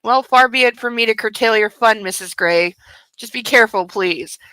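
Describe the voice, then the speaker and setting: A woman reading the lines of a controlling young husband in a low, quiet, measured voice. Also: no echo, rough recording. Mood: soothing. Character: controlling wealthy young husband, smooth and possessive.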